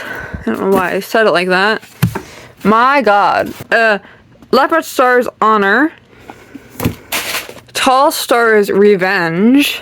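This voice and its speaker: A woman's voice: medium pitch, slow, pauses often, a bit bright, a little hiss or hum. A young woman giving a casual bookshelf tour, chatty and rambling, often trailing off with ums and little giggles. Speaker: channel host.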